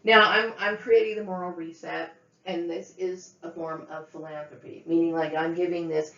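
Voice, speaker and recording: Mad lady ranting into a cheap mic, kinda low voice, swears a lot, echoey dull sound. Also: steady tone, normal speed, fairly bright tone. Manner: profane, repetitive, many "okay?" fillers. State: angry. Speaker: vlogger. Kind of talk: angry ranting monologue.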